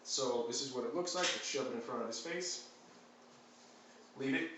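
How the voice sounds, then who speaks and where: A man walks through a clicker lesson for a dog, his voice steady and even, filler words scattered through his explanation. He sounds a few steps from the mic in a boomy, echoing room, with a faint hum of ambience behind him. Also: quick pace. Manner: calm, steady, frequent ums and uhs. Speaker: dog trainer. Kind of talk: instructional demonstration. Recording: echoey room, mic at a distance.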